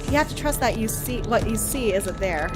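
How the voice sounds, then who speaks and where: A woman voicing a calm detective in a game, steady and reasoning as she tries to talk someone down. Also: fairly high pitch, moderate pace, music in the background, lightly acted. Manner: steady, reasoning, even-toned. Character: calm detective trying to defuse a standoff. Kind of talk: voicing game dialogue on stream.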